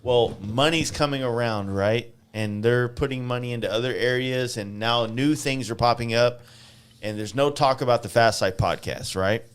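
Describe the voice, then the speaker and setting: A man's voice: medium pitch, moderate pace, clear, resonant tone. Blunt, swearing man hosting a podcast. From Southern United States. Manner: blunt and profane, heavy fillers. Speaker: podcast host. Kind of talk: casual chat.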